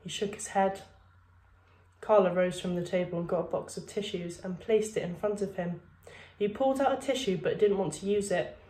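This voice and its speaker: A woman's voice: medium pitch, moderate pace, dark tone. Give me a woman teacher reading a storybook aloud in a roomy, echoing space.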